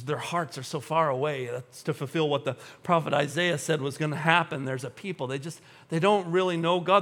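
A man preaches to his congregation in a high, bright, forceful voice. He is animated and humorous, acting out everyday scenes as he goes. His words ring out with a long reverb in a church hall. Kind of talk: sermon.

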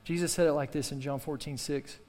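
A man's voice: a little high, fairly even intonation, fairly quick, a little mellow, big-room sound. A male pastor preaching a sermon with fervor, repeating key phrases and calling on the congregation to respond. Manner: impassioned preaching with repetition and call-and-response.

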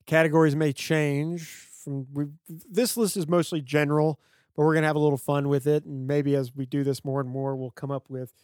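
A man co-hosting a movie podcast, chatting casually about films with relaxed, filler-heavy talk. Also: fairly high pitch, fairly quick, dry recording, studio quality. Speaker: podcast co-host. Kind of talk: casual film discussion.

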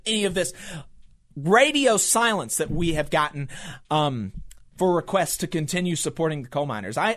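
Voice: medium pitch, fairly bright tone. Talk radio host going off on a rant, voice leaps all over the place, hammering the same lines again and again. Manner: impassioned, repetitive, ranting. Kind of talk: angry political commentary. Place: radio studio.

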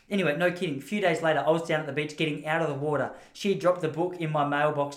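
A man's voice: a little high, lively intonation, quick pace, hardly any pauses. An Australian man telling rambling, self-deprecating stories in a casual monologue. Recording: roomy echo.

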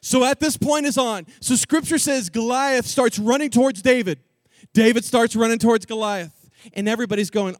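A male preacher telling a story in an animated, jokey, slangy sermon style. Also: very high voice, normal speed, no room sound, studio quality.

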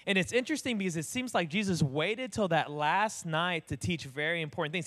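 A man's voice: on the high side, a bit bright. Conversational man preaching. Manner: conversational preaching, direct questions to the congregation. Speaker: pastor. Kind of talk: sermon.

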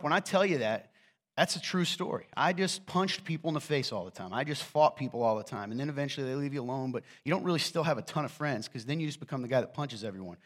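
A man's voice: fairly high pitch, fairly bright tone. Middle-aged preacher guy, bit of a southern appalachian accent, chatty storytelling sermon, jokes about himself. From Eastern Kentucky. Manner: conversational storytelling with self-deprecating humor. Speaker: pastor.

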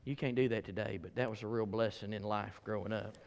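A male pastor preaching a sermon, telling folksy stories and switching from loud emphasis to hushed asides. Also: on the low side, steady tone, brisk, vocal fry. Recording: echoey hall.

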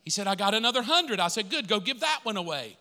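A male pastor tells stories from the pulpit with an animated, rising delivery. His voice sits fairly high and sounds very bright, almost piercing. A long reverb trails each phrase, as in a large church hall. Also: fast talker. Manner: animated, rising to excited emphasis. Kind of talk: storytelling sermon.

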